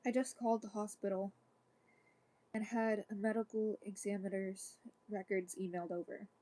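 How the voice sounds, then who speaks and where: A woman voicing a calm, kind female doctor on the phone, speaking gently and softly. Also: mid-range voice, normal speed, natural voice. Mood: gentle. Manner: gentle, reassuring, softly spoken.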